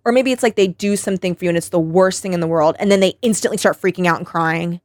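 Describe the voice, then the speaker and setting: A podcast host tells stories in a casual chat, laughing often and acting out quoted voices with animation. Her voice is on the low side and fast. The recording is dry and cleanly studio-sounding.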